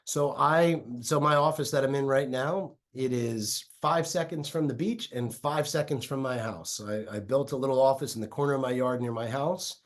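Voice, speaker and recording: A middle-aged man, a real estate investor, telling a story in a podcast interview with lively acted-out quotes, speaking from a small home office. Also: mid-range voice, moderate pace, few pauses. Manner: animated storyteller, acts out quotes.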